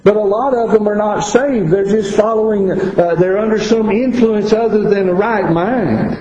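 A man preaching a sermon, earnest, dropping to quiet asides and rising to stress warnings. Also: high-pitched, measured pace, echoey room, dull audio, a little hiss or hum.

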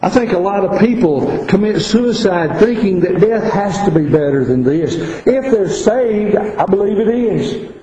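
A man preaching a sermon, earnest, dropping to quiet asides and rising to stress warnings. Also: sits high, expressive, measured pace, hardly any pauses, echoey room, highs cut off, a little hiss or hum.

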